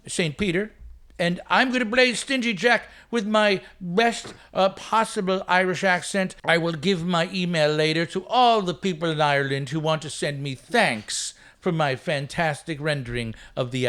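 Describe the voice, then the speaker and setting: Podcast host, male, high animated voice, joking and meandering. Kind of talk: casual podcast chat.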